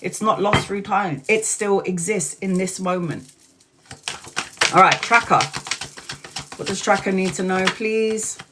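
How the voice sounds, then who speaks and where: Woman hosting a live tarot stream, blunt and emphatic, mid-pitched voice. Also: unhurried, long pauses, very noisy. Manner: candid, swears freely, laughs often; earnest and emphatic, repeats lines. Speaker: tarot reader.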